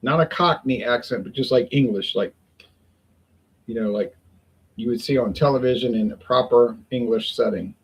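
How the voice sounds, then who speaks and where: Casting: gravelly, husky-voiced man, rambling folksy vlog chat at home. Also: medium pitch, normal speed, rough recording. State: sweating in the heat. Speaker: beer review vlogger. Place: home in Toronto, windows open.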